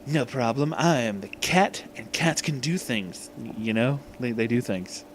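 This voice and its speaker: A man voicing a self-assured female cat in a soft, flat, low-key voice, reading a fan story aloud. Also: unhurried, a little hiss or hum, lightly acted, low-quality recording. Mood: deadpan.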